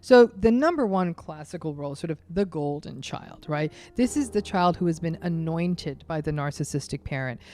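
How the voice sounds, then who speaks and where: A woman with a somewhat low voice speaks as a guest expert in a podcast interview. She explains her points emphatically, often slipping into short acted-out quotes to make them vivid. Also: lively intonation, moderate pace, hardly any pauses, a little mellow. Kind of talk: interview conversation.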